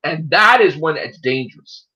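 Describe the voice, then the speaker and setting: Animated high-voiced man ranting profanely. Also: moderate pace. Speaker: host of an online show. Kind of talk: casual ranting chat. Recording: dull lo-fi sound.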